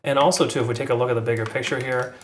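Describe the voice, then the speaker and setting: A man's voice: mid-range voice, fairly even intonation, very fast, echoey room, slight background noise. A man hosting a channel, casually talking through price charts with lots of fillers and self-corrections. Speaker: crypto channel host. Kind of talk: casual chart analysis commentary.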